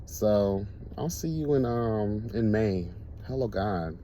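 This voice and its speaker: A man hosting a casual talk show, telling stories in a camp, animated way and laughing often. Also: on the low side, slow pace, slight background noise. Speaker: host. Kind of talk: casual storytelling chat.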